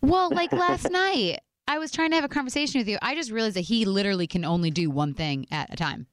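Playful lady cohost, laughs a lot, mid pitch, dry close sound. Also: fast talker, no echo. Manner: playful, laughing, animated storytelling. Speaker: podcast co-host. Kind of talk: casual chat.

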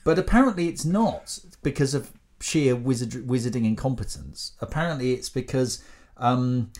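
A man's voice: mid-range voice, expressive, moderate pace, a little mellow. A man co-hosting a podcast, explaining at length in a casual, drily humorous way. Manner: explains at length with many fillers and restarts, dry humour. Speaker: podcast co-host.

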